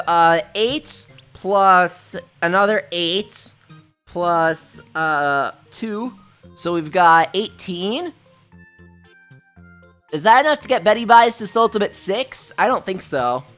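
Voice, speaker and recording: A woman streaming a game live, giggling often and gushing with excitement over her pulls. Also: fairly low pitch, slow. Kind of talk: live-stream gameplay commentary. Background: faint game music.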